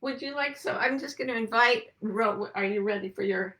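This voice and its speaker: A woman's voice: a little high, moderate pace, a bit bright. A woman hosting a casual live video broadcast, chatting and greeting viewers with frequent laughs. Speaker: host. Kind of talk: casual chat. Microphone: video call webcam.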